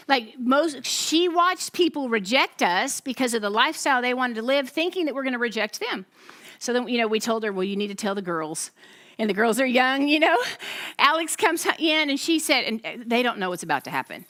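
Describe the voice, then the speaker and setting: A woman pastor, giving a testimony sermon to her congregation as an animated storyteller who acts out the voices she quotes. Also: on the high side, a little fast.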